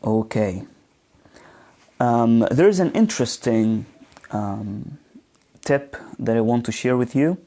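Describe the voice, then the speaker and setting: A man teaching a live online pronunciation class, speaking slowly and hesitantly with many fillers, modeling words and asking students questions. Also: mid-range voice, lively intonation, vocal fry, warm tone.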